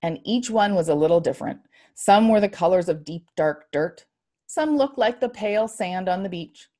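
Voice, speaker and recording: A woman reading a story aloud in a measured storytelling manner. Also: on the low side, lively intonation, warm tone.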